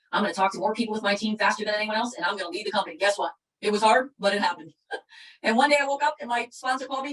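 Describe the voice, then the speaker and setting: A woman delivers a fervent, preachy motivational speech in a rapid-fire stream, hardly stopping for breath. She is middle-aged and talks to her team like a revival preacher. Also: medium pitch, fairly bright tone, rough recording. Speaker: MLM company leader giving a training talk.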